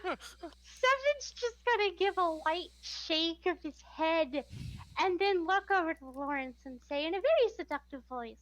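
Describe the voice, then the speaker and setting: Very high-voiced, slow woman player. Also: expressive, a bit bright, no echo. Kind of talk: casual tabletop role-playing.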